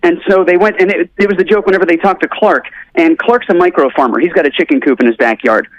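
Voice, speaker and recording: A man telling an animated story as a guest on a talk show, acting out the people he quotes. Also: sits high, fast talker, dry recording, muffled recording. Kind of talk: casual storytelling.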